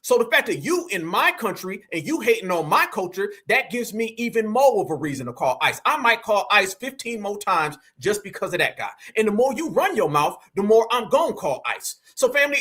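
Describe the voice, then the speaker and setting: A man from the United States with a very high, piercing voice that carries real edge and brightness. He rants in heated reaction commentary, mocking and combative, repeatedly calling his audience fam. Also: husky. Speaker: reaction channel host.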